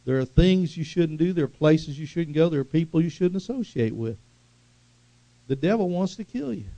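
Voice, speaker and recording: A middle-aged male pastor preaching an animated sermon, swinging from loud calls to hushed asides. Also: fairly high pitch, normal speed, no room sound. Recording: dull lo-fi sound.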